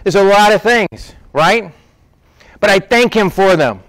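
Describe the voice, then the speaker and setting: Casting note: middle-aged male pastor, high voice, dry close sound, chatty sermon delivery. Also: expressive, measured pace, fairly bright tone, no room sound. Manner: conversational preaching, acts out quoted voices.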